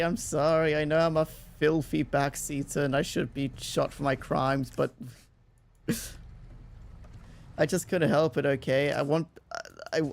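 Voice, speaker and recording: Gravelly-voiced man streaming a game. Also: fairly high pitch. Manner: rambling, self-deprecating, swears freely, laughs often. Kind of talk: casual game-stream chatter.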